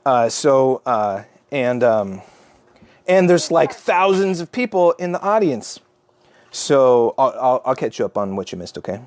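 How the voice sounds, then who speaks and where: A man's voice: mid-range voice, big pitch swings, a little slow, a little mellow. Dad making up a story for his kid, rambly, lots of um and like. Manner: chatty, rambling, with fillers and restarts. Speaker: father telling a story. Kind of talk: improvised bedtime-style storytelling.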